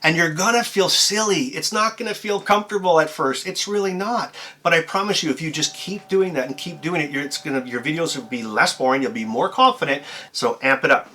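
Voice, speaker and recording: A man's voice: a little high, fairly quick, hardly any pauses, pushed and bright, a little hiss or hum. A man giving advice straight to camera as a YouTuber and motivational speaker, talking in an amped-up, emphatic, conversational way. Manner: conversational, with filler words and restarts. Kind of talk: to-camera tips video.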